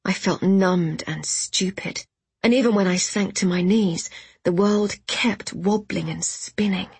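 A woman reading a first-person story aloud in a soft, hushed, often half-whispered way, with a breathy voice. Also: medium pitch, measured pace, dry recording. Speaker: audiobook narrator. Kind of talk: first-person scripted narration.

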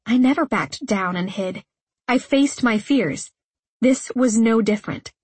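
Husky woman narrating an audiobook. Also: on the high side, unhurried, no room sound. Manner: earnest, emotional first-person telling. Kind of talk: first-person scripted narration.

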